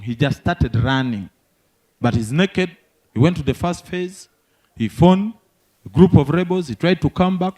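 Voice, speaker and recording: A young Ugandan man from the north doing stand-up, telling animated stories and talking to the crowd. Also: a little high. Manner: animated, quick storytelling with crowd asides. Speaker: stand-up comedian. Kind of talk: stand-up comedy storytelling.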